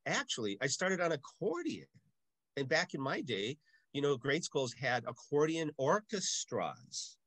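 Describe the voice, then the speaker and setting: An older man, a parish music director from Milwaukee, telling stories in a casual interview with lively, acted-out asides. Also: fairly high pitch, unhurried, no room sound. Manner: animated storyteller, acts out voices in anecdotes.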